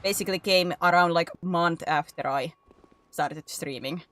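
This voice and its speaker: A woman's voice: on the low side, moderate pace, a bit bright. A woman hosting a gaming stream, chatting casually with friends in a giggly, teasing, restless way. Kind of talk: casual chat while gaming. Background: game music.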